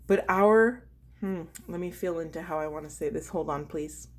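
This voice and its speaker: A woman with a fairly low-pitched voice reads oracle cards as a spiritual coach. She speaks earnestly, in slow and emphatic affirmations. She pauses now and then to feel for her words. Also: slight background noise. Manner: reflective, pausing to feel for words. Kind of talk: intuitive card reading to camera.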